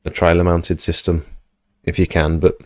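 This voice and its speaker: A man's voice: sits low, completely flat delivery, normal speed, no echo, studio quality. A man hosting a casual livestream, chatting and reading out viewer comments. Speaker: livestream host.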